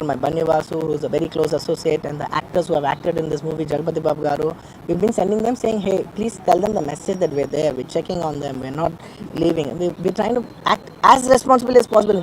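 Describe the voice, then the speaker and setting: Guy at a press meet, earnest and emotional, talks fast, repeats himself a lot. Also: high voice, warm tone, slight background noise, low-quality recording. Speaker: film actor at a press meet. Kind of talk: press conference statement.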